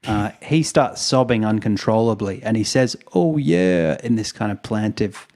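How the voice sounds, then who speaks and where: A man's voice: fairly low pitch, steady tone, moderate pace, a little mellow. A man, co-hosting a podcast, retelling events in a rambling, wry way with chuckles. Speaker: podcast co-host. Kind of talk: casual storytelling chat.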